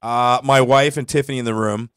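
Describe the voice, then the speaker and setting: Male host, quick rambling delivery, dry close studio sound. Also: medium pitch, fairly even intonation, fairly bright tone, no room sound. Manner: rambling, restarts a lot, laughs often. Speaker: show host. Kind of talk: casual radio show chat.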